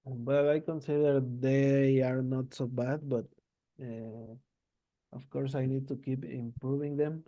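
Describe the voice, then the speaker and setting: Slow male student with a very dark mellow voice, muffled call audio. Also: medium pitch, fairly even intonation. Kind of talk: class discussion.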